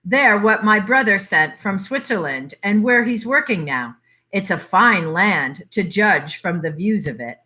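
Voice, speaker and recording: A woman doing a gruff grumbling husband. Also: mid-range voice, expressive, measured pace, pushed and bright. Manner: irritable, blunt dialect. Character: gruff grumbling middle-aged farmer husband.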